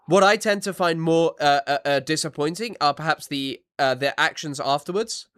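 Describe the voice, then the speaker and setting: A man talks over news clips on his live stream with a slightly raised voice. He is blunt and excitable, stumbles through fillers and repeats himself, and breaks in to argue whenever something bothers him. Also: a little high, normal speed, smooth. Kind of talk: casual live-stream commentary.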